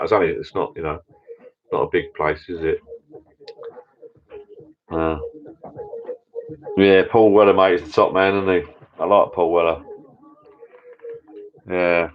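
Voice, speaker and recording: Low-voiced man chatting casually. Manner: rambling, chatty, many restarts. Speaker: channel host. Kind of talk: casual live chat with viewers. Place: home bar room. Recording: dull lo-fi sound.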